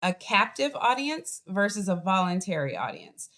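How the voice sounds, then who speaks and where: Woman, Boston accent, college professor, online lecture, lively chatty teaching, video call audio. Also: medium pitch, moderate pace. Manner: lively, chatty teaching with acted example voices.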